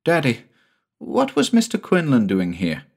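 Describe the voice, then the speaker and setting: A man putting on a high little boy. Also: wildly swooping pitch, a little slow, vocal fry, darkish tone, full character voice. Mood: eager. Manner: high and eager. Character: small boy, curious and insistent.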